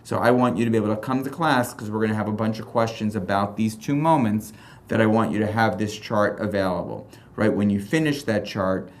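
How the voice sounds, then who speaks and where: A man with a fairly low voice teaches a recorded class. He reads passages aloud, then breaks into animated rhetorical questions, stopping and restarting as he thinks aloud.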